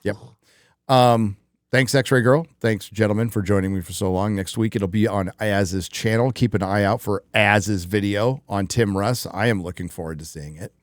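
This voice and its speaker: A man's voice: lowish voice, normal speed, no room sound, studio quality. Blunt, profane male stream host. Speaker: livestream host. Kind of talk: casual live stream chat.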